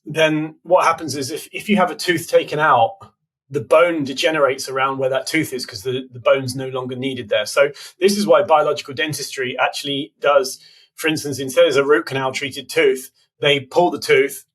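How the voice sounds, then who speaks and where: British man, podcast guest, mid pitch, casual explaining, fillers. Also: fairly bright tone. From United Kingdom. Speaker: podcast guest, biohacking conference organizer. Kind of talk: casual interview answers.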